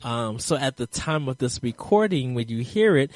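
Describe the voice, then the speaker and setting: A man's voice: mid-range voice, lively intonation, moderate pace, darkish tone, no room sound. A man hosting a casual gaming podcast, rambling along with frequent ums and uhs. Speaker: podcast host.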